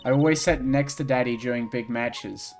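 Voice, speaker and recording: A man voicing a cheerful teenage girl magician as he reads a game's lines aloud, in a calm, explaining way. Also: mid-range voice, moderate pace, soft background music, pitched below the performer's own voice, close to an everyday voice.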